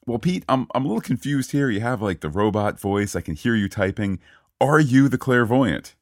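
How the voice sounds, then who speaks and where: A man's voice: mid-range voice, lively intonation, normal speed, dry recording. A man hosting a casual podcast, bantering playfully with his co-host and leading the show.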